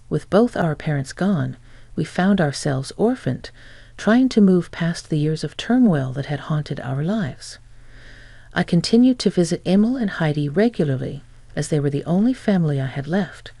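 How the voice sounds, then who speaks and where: Creaky, dark-toned woman narrating a story. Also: low-pitched, animated, moderate pace, no echo. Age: young adult. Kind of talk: scripted first-person narration.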